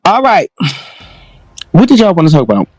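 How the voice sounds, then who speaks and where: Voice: medium pitch, sing-song, normal speed, a little mellow, no room sound. A livestream host giving brash, profane commentary in a campy, slangy way.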